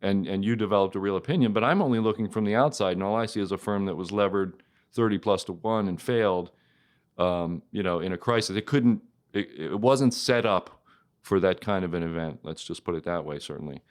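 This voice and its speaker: Low-voiced male host, politely skeptical. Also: a little fast. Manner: skeptical, pushes back politely. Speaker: podcast host. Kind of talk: interview conversation.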